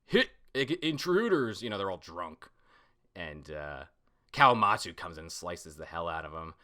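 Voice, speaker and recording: A man hosting a casual manga reaction, talking excitedly and swearing now and then. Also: low voice, moderate pace.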